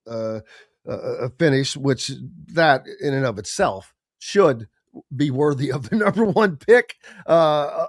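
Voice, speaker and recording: A man's voice: mid-range voice, no room sound, clean studio sound. A man hosting a sports radio show, chatting casually and animatedly and slipping into voices and impressions. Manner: animated, does voices and impressions while talking.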